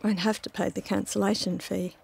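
Middle-aged woman, memoir narrator, intimate and reflective, fry in the voice, faint music behind. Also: medium pitch, level tone, brisk. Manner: intimate, reflective, first-person telling. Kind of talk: scripted personal memoir narration.

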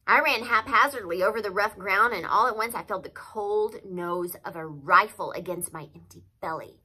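A woman reads a novel aloud with expressive, lively storytelling. Her tone is bright and crisp. She sounds like a teacher who stops now and then to name a figure of speech. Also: lowish voice, low-quality recording.

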